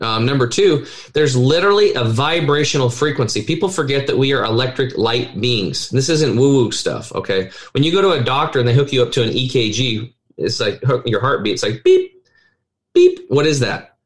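A middle-aged man, a health coach, talking in a casual podcast interview with animated, persuasive storytelling. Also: medium pitch, a little fast, few pauses.

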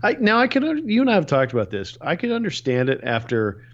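Male co-host, wry and rambling, lively pitch, dull lo-fi recording. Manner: wry, rambling, halting restarts. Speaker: podcast co-host. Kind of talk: casual chat recapping a reality show.

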